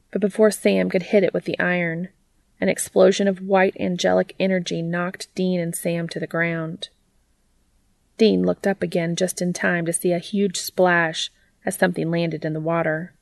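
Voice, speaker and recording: Woman narrating a story, low voice with lots of fry, dry close sound. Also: flat delivery, moderate pace, a little mellow, no echo. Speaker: audiobook reader. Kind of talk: reading fiction aloud.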